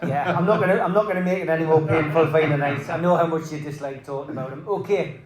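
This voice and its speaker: A man's voice: a little high, fairly even intonation, fast talker, over a noisy crowd. Playful male host in an echoey room. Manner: playful, teasing segues. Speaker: podcast host. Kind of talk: live interview hosting.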